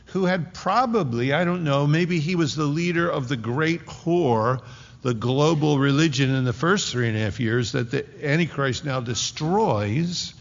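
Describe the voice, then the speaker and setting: Gravelly-voiced man preaching a sermon. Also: mid-range voice, big-room sound, highs cut off. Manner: conversational preaching, sarcastic asides. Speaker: pastor.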